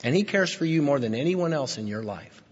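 A man preaches a heartfelt sermon in a husky voice, his pitch rising and falling widely as he moves between hushed and emphatic passages. The recording sounds dull and lo-fi, with a long reverb trailing off in a large hall. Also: lively intonation, brisk. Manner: emotional, swinging from hushed to emphatic. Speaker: pastor.

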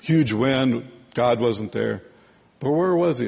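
A man teaching a sermon in a relaxed, conversational way, often checking in with "right?" and "okay?". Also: mid-range voice, measured pace, vocal fry, husky, big-room sound.

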